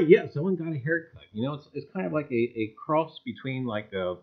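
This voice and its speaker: A man hosting a casual livestream, greeting viewers one by one with exuberant shouts and leaning on catchphrases like "gang" and "I tell you.". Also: animated, a little fast, muffled recording. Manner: exuberant, greets chatters one by one with sudden loud jumps in pitch. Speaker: livestream host.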